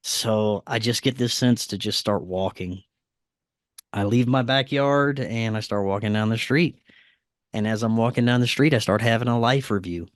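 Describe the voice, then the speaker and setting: A man, a podcast guest, telling a personal story casually, dropping to a quieter voice when he quotes what was said. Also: medium pitch, a little slow, no echo, studio quality. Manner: acts out quoted dialogue in a quieter voice; frequent fillers and restarts, animated retelling.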